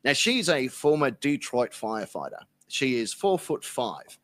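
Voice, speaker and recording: A man's voice: medium pitch, big pitch swings, a little slow, fairly bright tone. An Australian man, a podcast guest, telling a rambling, profane anecdote in casual chat. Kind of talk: casual storytelling.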